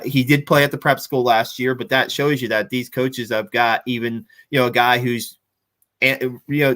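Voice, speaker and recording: A man's voice: medium pitch, a bit bright. A man hosting a casual postgame football talk, chatty, often restarting sentences and checking in with "right?". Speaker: podcast host.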